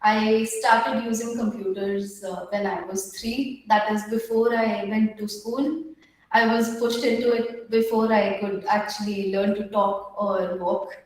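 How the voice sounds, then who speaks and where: A young woman pitching her startup, a bit nervous, with many filler pauses and restarts. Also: fairly even intonation, darkish tone. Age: young adult. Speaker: startup founder. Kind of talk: pitch at an online women entrepreneurs' meetup. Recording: very echoey room.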